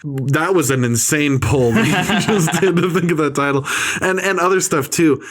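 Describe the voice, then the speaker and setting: A man's voice: a little high, normal speed. A man co-hosting a podcast in casual chat, with sarcastic, profane and opinionated banter. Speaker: podcast co-host.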